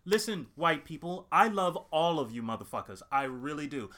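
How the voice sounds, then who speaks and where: Casting note: a bright, sharp-voiced co-host, lively pitch, emphatic and profane rants. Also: normal speed. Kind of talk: casual chat.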